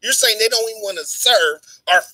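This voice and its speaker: A man's voice: high voice, a little fast, bright, forceful tone, rough recording. A man hosting a talk show who rants fiercely and swears as he makes his points. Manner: fiery, swearing. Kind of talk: ranting talk show commentary.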